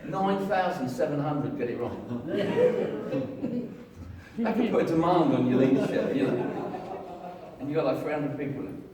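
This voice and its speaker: Guy preaching a jokey sermon, fairly high voice, big echoey hall, mic way off, crowd noise. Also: lively intonation, moderate pace, long pauses. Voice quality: playful and emphatic, repeats lines for effect. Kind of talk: humorous sermon. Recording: echoey hall from far off, congregation audible. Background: congregation responding and laughing.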